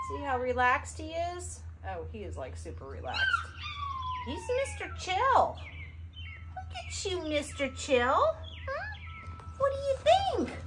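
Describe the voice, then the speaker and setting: A woman breeder talking to a puppy in cooing, sing-song baby talk while commenting to the camera. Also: sits high. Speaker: dog breeder evaluating a puppy. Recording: noisy background.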